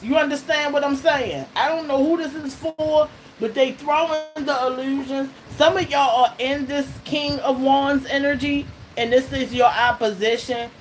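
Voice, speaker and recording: Reading tarot for her channel's viewers, a woman with a slightly high voice speaks casually and emphatically, checking in with "okay?" and "all right?" and laughing between points. Steady background noise runs through the recording.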